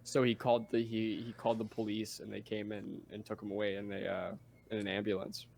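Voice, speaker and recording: A young man with a somewhat low voice co-hosts a casual podcast. He tells stories bluntly, swears freely and jokes around. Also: monotone, fairly quick, creaky, a little mellow, slight background noise. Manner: blunt, swears a lot, jokey. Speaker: podcast co-host. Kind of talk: casual chat.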